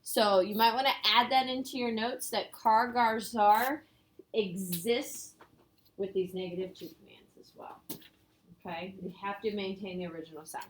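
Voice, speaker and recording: A woman's voice: mid-range voice, fairly even intonation, normal speed, slight background noise. A woman teaching a casual review lesson, explaining step by step and quizzing her students. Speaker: Spanish teacher.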